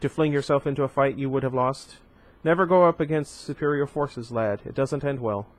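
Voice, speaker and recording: A man reading aloud as a cold, composed older imperial commander who speaks in a measured, condescending way. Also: medium pitch, close to an everyday voice.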